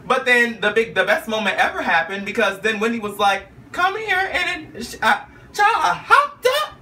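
A man telling a story in a vlog with flamboyant, sassy flair, peppering his talk with "okay?" and "honey" and jumping into high squeals for his own quotes. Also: very animated, moderate pace, bright, forceful tone, far from the mic. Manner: jumps into high squeals when quoting himself. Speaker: vlogger recounting a talk show visit.

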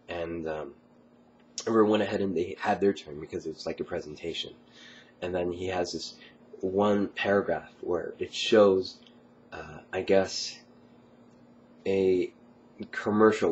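In a slightly muffled recording with faint background noise, a young college vlogger with a cold talks casually late at night. His deep, a little mellow voice stays fairly even and unhurried, broken by coughs and plenty of ums and uhs.

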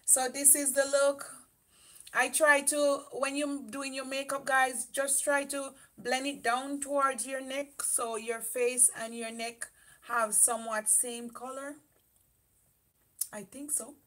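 A woman's voice: sits high, flat delivery, slow pace, fairly bright tone. A young woman from Jamaica with a Jamaican accent, chatting casually on a makeup livestream and answering viewer comments. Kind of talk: casual live-stream chat.

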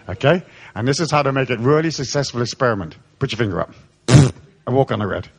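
A man's voice: medium pitch, fast, breathy edge. A man giving a live spiritual lecture, irreverent, joking and profane. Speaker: spiritual speaker.

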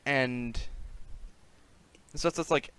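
A man's voice: medium pitch, slow, fairly bright tone, clean tone. A man co-hosting a podcast who talks in a thoughtful, laid-back way during a casual brainstorm. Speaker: podcast co-host.

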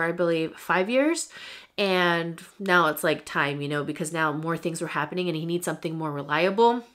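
Young woman vlogging, chatty and candid, lots of likes and ums, kinda low voice. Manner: chatty and candid, with many fillers. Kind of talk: casual talk to camera.

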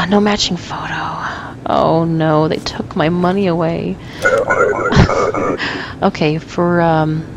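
A woman's voice: on the low side, fairly even intonation, takes it slowly, pauses often. Flustered woman gamer, noisy recording. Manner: flustered, self-mocking, talks to the game characters. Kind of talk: let's play commentary.

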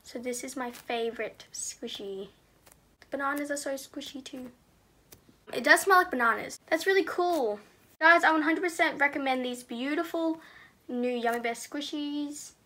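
High bright teen girl doing a squishy haul, gushy and excitable, goes soft and murmury sometimes. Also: normal speed. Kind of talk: casual product review.

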